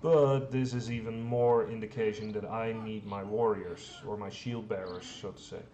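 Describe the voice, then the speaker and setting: A man's voice: fairly low pitch, fairly even intonation, moderate pace, dark tone, highs cut off. Casual gamer man in a roomy echo. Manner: rambling, self-deprecating, frequent fillers and mild swearing. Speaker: let's play host. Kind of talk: casual gameplay commentary. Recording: roomy echo, faint background hum.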